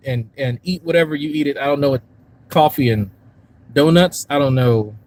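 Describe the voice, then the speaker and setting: A slightly high, somewhat mellow male voice at normal speed comes through a rough recording. He's a YouTube commentary streamer doing a casual live stream, rambling and swearing to his chat from a park and later a parked car.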